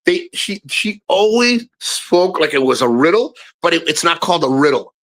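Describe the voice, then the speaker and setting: A middle-aged man with a bright, forward voice that sits slightly high for a man, chatting to his stream viewers. He talks frankly and loosely, often restarting his sentences and swearing as he goes. He speaks straight to his audience. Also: very animated, normal speed. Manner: rambling, frank, swears freely, many restarts; addresses viewers directly. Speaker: live streamer. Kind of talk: casual livestream chat.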